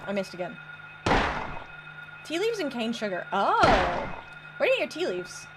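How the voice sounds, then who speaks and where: Young Midwestern woman streamer, chatty, drawling southern twang, bouncy pitch. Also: huge pitch swings, normal speed, loud music behind the voice. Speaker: VTuber streamer. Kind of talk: casual gameplay chat, reading chat aloud.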